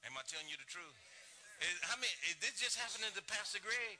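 A man's voice: sits high, animated, quick pace, sharp tone, a little hiss or hum. A middle-aged man preaching a sermon as pastor, folksy and rising and falling in his delivery.

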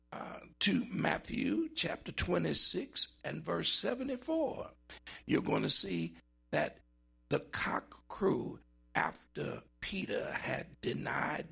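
Gravelly, dramatic male preacher. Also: sing-song, sharp tone. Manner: dramatic preaching, swinging pitch, drawn-out emphasis. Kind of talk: sermon.

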